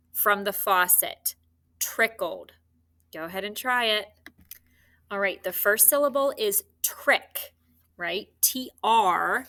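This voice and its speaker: A woman leads a recorded phonics lesson, sounding out and spelling words at an unhurried pace. Her voice is bright and clear. She is patient and encouraging as she checks the answers. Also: mid-range voice. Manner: patient, encouraging, slow dictation. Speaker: teacher.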